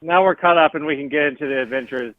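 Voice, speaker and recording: A man calls in to a live show and recaps things in a deadpan, halting way, full of ums. His voice sits a bit high. The call audio is dry, dull and lo-fi. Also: dry recording. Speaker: caller.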